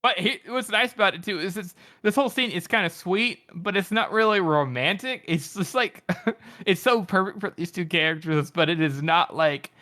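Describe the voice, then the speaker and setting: A man's voice: high-pitched, moderate pace, sharp tone. A man co-hosting a casual book podcast, chatty and laughing as he explains. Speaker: podcast co-host.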